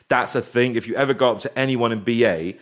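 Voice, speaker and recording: A man talks freely as an interview guest. His voice sits at an average pitch. He is animated and keeps breaking into quick impressions and put-on voices. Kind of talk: casual interview chat.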